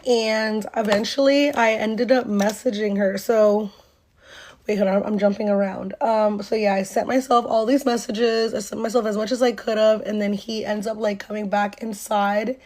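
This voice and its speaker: A woman's voice: medium pitch, a little mellow. A young woman from North Carolina telling a casual storytime monologue, rambling through fillers and swearing as she acts out quoted lines.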